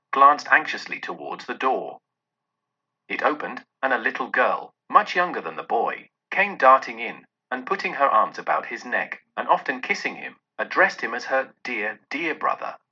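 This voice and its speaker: Husky-voiced male storyteller, bright and lively. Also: normal speed. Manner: dramatic, with many shifts in pitch and loudness. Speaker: audiobook narrator. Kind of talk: expressive storybook narration. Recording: dull lo-fi recording.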